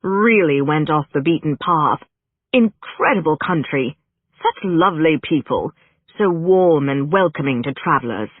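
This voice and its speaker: A cautious male talent agent, as a storybook narrator plays him delivers unwelcome news in a measured, placating, hesitant way. The sound is thin and phone-like, and dry with no room sound. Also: fairly high pitch, lively intonation, dry recording. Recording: narrow phone-like band, dry.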